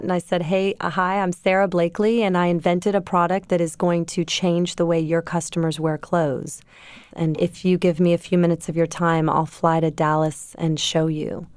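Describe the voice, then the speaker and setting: A middle-aged woman telling her founder story in an interview, lively and anecdotal. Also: lowish voice, smooth, dry recording. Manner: lively anecdotal storytelling, quotes herself and others. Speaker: guest, company founder.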